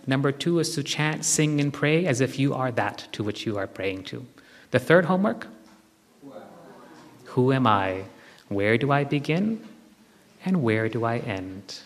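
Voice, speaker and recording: A man gives a spiritual teaching to a live group, speaking in an ordinary mid-range voice. He instructs gently and circles back to repeat his key phrases. The sound carries the long reverb of a large hall. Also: medium pitch, animated, unhurried, pauses often.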